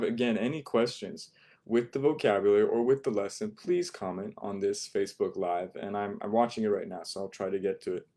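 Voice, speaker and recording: A man teaching a beginner Japanese class over a live stream, patiently repeating words and modeling pronunciation slowly. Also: lowish voice, mellow. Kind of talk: online language lesson.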